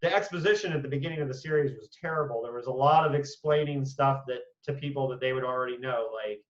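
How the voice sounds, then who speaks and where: A man hosting a casual panel discussion, talking in an animated, emphatic way with quick asides. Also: medium pitch, reverberant, distant mic, lo-fi sound. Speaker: podcast host.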